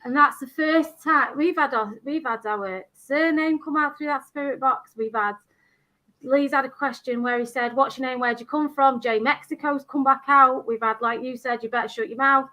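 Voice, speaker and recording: A Scottish woman guest telling a story in an animated, casual way. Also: high-pitched, moderate pace. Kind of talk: casual chat.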